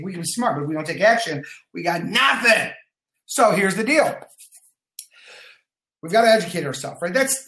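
This man heads a sales team and is pumping up viewers on a phone livestream, his fairly high voice echoing in the room. Casual swearing, repeated points for emphasis, and greetings to viewers by name run through his talk.

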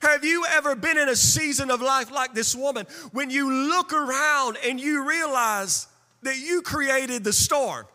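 High-voiced man preaching with fervor. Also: a little slow, big-room sound. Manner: impassioned preaching with sing-song cadence and shouted peaks. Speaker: pastor. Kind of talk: sermon.

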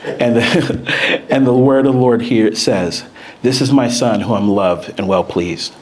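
A man preaching a sermon, moving between steady scripture reading and lively, excited retelling. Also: medium pitch, measured pace. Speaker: pastor.

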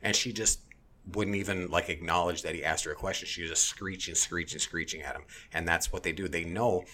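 Blunt, profane man with a low voice. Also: steady tone, brisk, pushed and bright. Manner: blunt, profane and heated, with frequent restarts. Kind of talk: casual opinionated chat.

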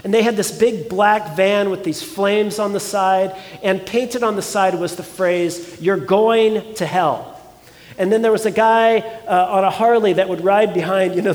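A man's voice: high voice, in a large hall. A man preaching a sermon as pastor, earnest and conversational, often asking his congregation rhetorical questions.

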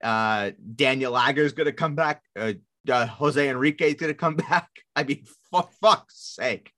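A man co-hosting a sports podcast, talking in a sarcastic, rambling way and swearing freely. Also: unhurried. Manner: sarcastic, rambling, swears, lively jumps in pitch. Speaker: podcast co-host. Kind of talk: casual sports podcast chat.

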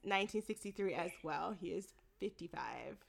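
A woman co-hosting a casual movie review podcast, animated, laughing often and swearing freely. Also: fairly low pitch, normal speed, gravelly, heavy background noise. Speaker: podcast co-host.

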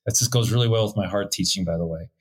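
A middle-aged man co-hosts a casual teaching chat on marriage, speaking fast in a low, breathy voice. He's earnest and preachy but has a joking streak and laughs often.

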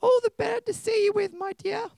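A man voicing the sly big bad wolf from a storybook, who switches into a squeaky falsetto granny voice. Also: fairly even intonation, fairly quick, gravelly, darkish tone, dry recording, studio quality.

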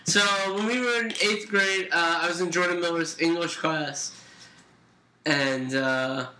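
A man's voice: fairly high pitch, fairly even intonation, unhurried, pushed and bright, slight background noise. A young man co-hosting a casual podcast, telling stories in a laid-back way full of fillers, in a roomy, echoey room. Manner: laid-back storytelling with frequent fillers and laughs. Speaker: podcast co-host. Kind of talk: casual chat.

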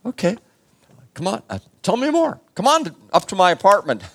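A man's voice: medium pitch, moderate pace, lightly acted. A man voicing an eager, curious male Roman jailer who begs to hear more. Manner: excited, pleading questions.

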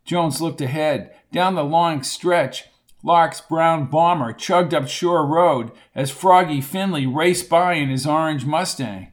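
A man's voice: on the high side, slow. Man narrating his own audiobook.

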